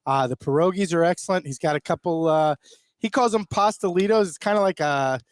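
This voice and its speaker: A man on a radio show who talks about food as a guest reviewer, relaxed and chatty, with small restarts. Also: fairly high pitch, a little fast, no echo, clean studio sound. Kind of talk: casual on-air chat.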